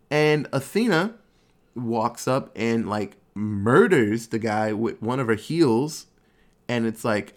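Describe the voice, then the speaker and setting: Man, casual movie recap, animated, acts out quotes, swears, mid-pitched voice. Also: normal speed.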